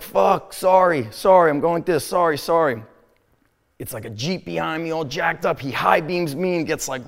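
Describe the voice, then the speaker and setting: A middle-aged man with a New Jersey accent tells a story in a casual, animated way, swearing and laughing often. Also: a little high, gravelly. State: sick, throat sore. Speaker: gym owner telling a story.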